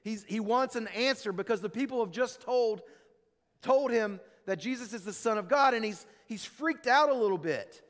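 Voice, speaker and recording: A higher-pitched male preacher delivers a sermon in a church, and his voice rings out in a long hall reverb. He tells stories with animated quoted lines and then sinks low and soft for emphasis. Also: moderate pace. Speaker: pastor.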